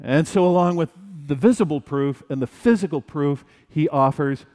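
A male pastor preaching a sermon in a church, animated and acting out the disciples' fright. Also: fairly high pitch, moderate pace, long reverb tail.

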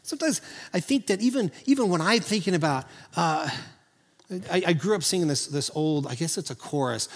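A man from Oklahoma preaching a sermon as pastor, earnest and animated, often restarting his sentences. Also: fairly high pitch, brisk, big-room sound. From Oklahoma, USA.

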